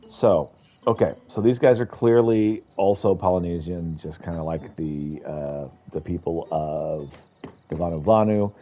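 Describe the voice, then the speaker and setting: A man streaming a game playthrough, reading the characters' lines aloud in changing voices and accents. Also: low voice. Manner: animated, switches into different voices and accents for each character. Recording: dull lo-fi stream audio with faint game music.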